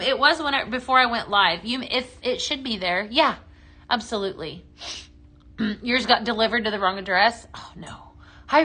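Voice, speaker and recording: A woman's voice: on the high side, bright, forceful tone. A woman hosting a casual live-stream product demo from home, chatting upbeat with lots of fillers. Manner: chatty, upbeat sales patter with many fillers. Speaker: home-fragrance live-sale host.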